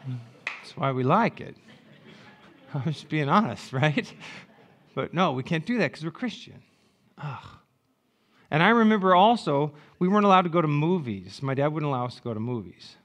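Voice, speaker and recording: A pastor in his sixties preaches with animated, joking stories, swinging between loud asides and hushed reflection. His voice is a little high and his pace moderate.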